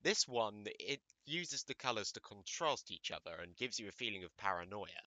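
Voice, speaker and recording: A man's voice: fairly low pitch, animated, moderate pace, bright, forceful tone, no echo. A man narrating an anime video essay, with crude, wry humor. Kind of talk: scripted comedic commentary.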